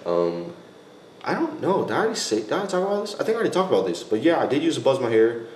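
A man's voice: medium pitch, sing-song, rapid-fire, a little mellow. A young man hosting a casual vlog, answering viewer questions in a rambling, self-correcting way and laughing often. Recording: echoey room, faint background noise.

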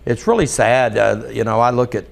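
A man's voice: medium pitch, fairly quick, gravelly. An older man, telling rambling, funny anecdotes as a podcast guest. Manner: rambling, laughing anecdotes with quoted voices. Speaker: guest storyteller. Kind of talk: casual storytelling.

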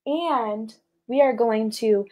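Speaking a little high, slowly and warmly, a woman in her twenties guides children through yoga over a livestream. She's playful and sing-song, adding barks and meows for the animal poses. The audio is poor, and faint music sits behind her voice.

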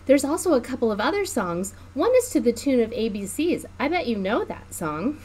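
A woman's voice: on the high side, sing-song, a little mellow, husky. Sing-song storytime librarian woman. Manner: slow, sing-song, teacherly. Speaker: children's librarian. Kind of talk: preschool storytime reading.

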